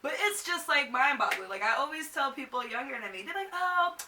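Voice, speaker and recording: A woman's voice: sits high, big pitch swings, quick pace, pushed and bright, distant mic, slight background noise. A woman in her twenties chatting to camera as a vlogger, casual and full of "like". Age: 20s. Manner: chatty, fills with "like". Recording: echoey room, a bit off mic.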